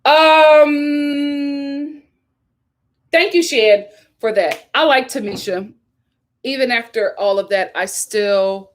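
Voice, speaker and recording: A woman hosting a casual live stream, reading viewer comments aloud and reacting with opinionated chatter, laughs and sudden high squeals of surprise. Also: slow, long pauses. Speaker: live stream host reviewing a reality show. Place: home in a hot city.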